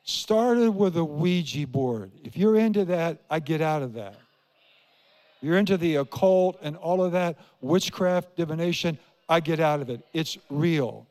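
A man's voice: fairly high pitch, moderate pace, a little mellow, big-room sound. A man in his seventies from Iowa, preaching a sermon as a pastor, telling stories with emphatic repetition and questions to the congregation. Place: church sanctuary.

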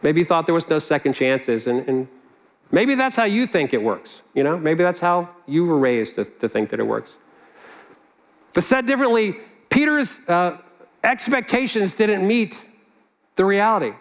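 A man's voice: sits high, big pitch swings, moderate pace. Earnest, conversational male preacher. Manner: conversational, earnest, with asides and restarts. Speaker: pastor. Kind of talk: sermon.

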